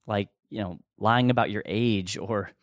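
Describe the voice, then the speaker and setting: A man co-hosts a podcast in a casual, conversational teaching style, sounding earnest and rambling, restarting sentences and chuckling now and then. His voice sits fairly low and he takes his time. The studio recording is clean, with no room sound.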